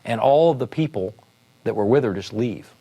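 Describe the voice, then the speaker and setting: A man, a police sergeant, telling a story in a relaxed, conversational way with frequent fillers and restarts. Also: mid-range voice, moderate pace, slightly rough. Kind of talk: storytelling talk.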